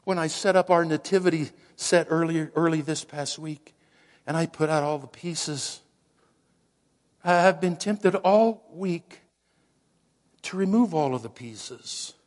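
Slow, dramatic male preacher. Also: a little high. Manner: slow, dramatic preaching with hushed whispered moments. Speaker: pastor. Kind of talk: sermon.

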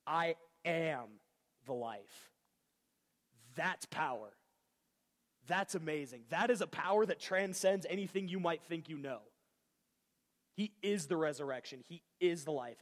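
A man's voice: fairly high pitch, normal speed. Man preaching in a reverberant church hall. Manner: casual, conversational preaching with slang. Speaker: pastor. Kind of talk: sermon.

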